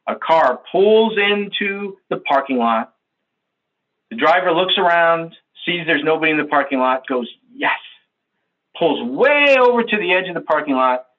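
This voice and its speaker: A man giving a sales training talk over a video call, telling a story in an animated, conversational way and checking in with his audience. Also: a little high, lo-fi sound. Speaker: workshop presenter.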